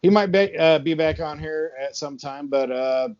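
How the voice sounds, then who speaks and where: A man's voice: fairly high pitch, moderate pace, darkish tone, highs cut off, a little hiss or hum. A man hosting a horror comedy podcast from his barn, rambling casually with lots of fillers and laughs. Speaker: podcast host. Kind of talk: casual chat. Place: his barn with the door open and a fan on.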